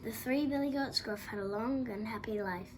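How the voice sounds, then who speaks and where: A woman reads a children's storybook aloud with expressive, dramatic delivery. Her voice sits fairly high, with a faint hiss in the background. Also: normal speed.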